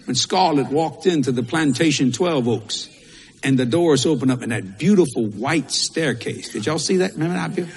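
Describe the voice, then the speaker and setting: Man, pastor, folksy sermon, fairly high, husky, long hall reverb. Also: animated, moderate pace. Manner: folksy, repetitive preaching with Southern turns of phrase.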